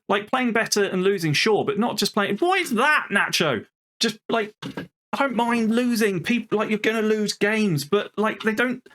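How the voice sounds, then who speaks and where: A man's voice: a little high, a bit bright. A young man commenting casually on a football management game he plays, frustrated and swearing, talking to himself and his players. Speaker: video game streamer.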